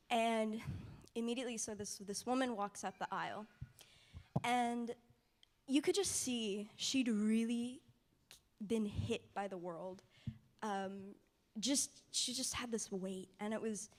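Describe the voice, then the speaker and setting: A young woman telling a personal faith testimony in a soft, casual way, often sinking to a near whisper. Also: fairly high pitch, slow pace. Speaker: mission trip participant sharing testimony.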